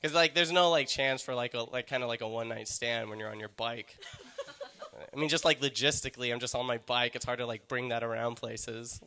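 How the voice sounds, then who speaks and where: Male stand-up comic, loose rambling delivery, self-mocking, forceful bright tone. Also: medium pitch, a little fast. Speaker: comedian. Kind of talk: stand-up comedy set.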